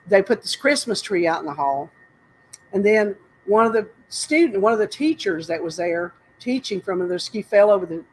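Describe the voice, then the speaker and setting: An older woman from North Carolina, the guest in a casual interview, rambles through stories and frequently stops to laugh. Her expressive, mid-range voice moves at a normal speed on a low-quality recording with slight background noise.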